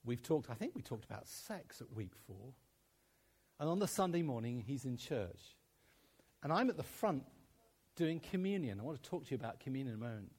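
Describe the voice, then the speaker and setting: A man's voice: medium pitch, big pitch swings, fairly quick, a little mellow, breathy edge. A man preaching a sermon, telling stories with acted-out dialogue and laughing often as he speaks. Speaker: pastor.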